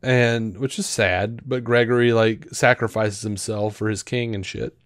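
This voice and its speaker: A man co-hosting a podcast, talking through a show review in a rambling, animated way with lots of fillers and restarts. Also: fairly low pitch, a little slow, no echo, clean studio sound. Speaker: podcast co-host. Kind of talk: casual review chat.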